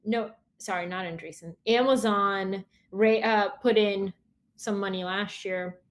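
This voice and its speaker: A woman guest on a podcast, chatting casually with playful, quick comebacks. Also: mid-range voice, steady tone. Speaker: guest co-host. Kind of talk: casual chat.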